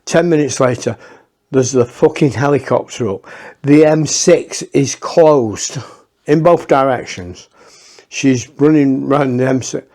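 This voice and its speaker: A man's voice: mid-range voice, measured pace, a little mellow. Rambling, profane man. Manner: rambling and profane, with many restarts. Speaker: storyteller. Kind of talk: casual anecdote.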